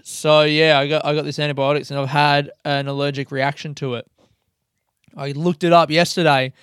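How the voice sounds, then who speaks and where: Man, young, podcast host, casual chat, swears a lot, smooth clear voice, dry sound. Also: on the high side, dry recording. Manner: profane, rambling, excitable.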